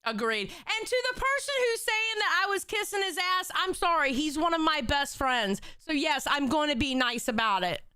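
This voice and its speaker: High-voiced blunt woman streamer. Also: very animated, moderate pace, few pauses, pushed and bright, dry recording. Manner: blunt, profane, emotional pleading. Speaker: stream co-host. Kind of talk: casual live-stream chat.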